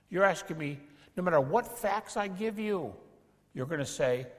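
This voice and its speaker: Animated man lecturing in an echoing hall. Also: high voice, moderate pace. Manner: animated, acts out dialogues with doubters. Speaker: speaker teaching apologetics. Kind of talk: lecture to an audience.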